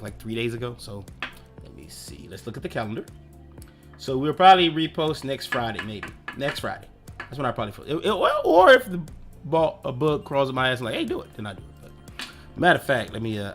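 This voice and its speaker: A man's voice: medium pitch, a bit bright. A man hosting his own live stream in loose, rambling casual chat, swearing offhandedly and talking to himself as he clicks around.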